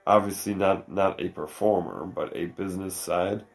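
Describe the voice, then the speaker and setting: A man's voice: low-pitched, fairly even intonation, moderate pace, creaky. A man in casual podcast chat who answers with short reactions and dry, profane jokes. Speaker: podcast co-host.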